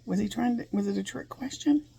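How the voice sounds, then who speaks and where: Gravelly-voiced woman teaching scripture. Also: fairly high pitch, a little fast, mellow. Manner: earnest, laughs between points; speaks to listeners with questions. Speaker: Bible teacher. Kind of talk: conversational Bible teaching.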